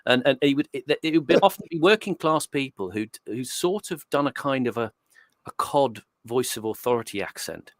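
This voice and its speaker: A man's voice: mid-range voice, expressive, moderate pace, a bit bright, no room sound. A man from Northeast England hosting a casual podcast discussion, talking in a digressive, reflective way with many restarts. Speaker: host. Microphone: streaming setup mic.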